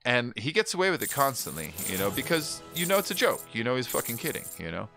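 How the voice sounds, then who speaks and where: A man's voice: mid-range voice, fast, vocal fry, over music. A man streaming a game, chatting casually and telling rambling stories with little voice impressions. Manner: rambling, animated storytelling with impressions. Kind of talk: casual chat while gaming.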